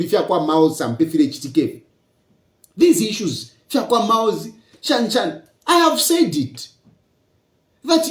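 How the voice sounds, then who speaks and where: Zambian man lecturing, lively pitch. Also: reverberant. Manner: lecturing with rhetorical questions. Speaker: politician. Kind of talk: public political address.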